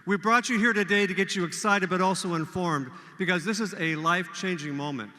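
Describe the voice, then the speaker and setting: Emcee: bright, high-voiced older man, pep-rally energy, echoey hall. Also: a little fast. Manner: energetic, leads call-and-response cheers. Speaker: event emcee. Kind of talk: rallying a volunteer crowd. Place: large hall with a crowd.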